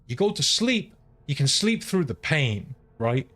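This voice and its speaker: A man's voice: a little high, big pitch swings, unhurried, a bit bright. A British man from the UK, a game streamer chatting casually and telling rambling stories full of swearing. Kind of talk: casual chat while gaming.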